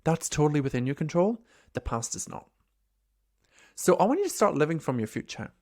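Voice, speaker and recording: A man, a coach for nurses giving an earnest, animated motivational talk full of rhetorical questions. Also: on the high side, brisk. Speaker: podcast host, nurse coach.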